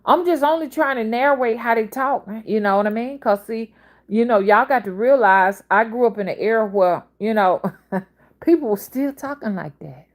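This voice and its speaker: A woman's voice: on the high side, animated, normal speed. A woman in her fifties with a Southern accent, talking in a casual, rambling monologue that jumps between topics. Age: 50s. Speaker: spiritual reader and channel host.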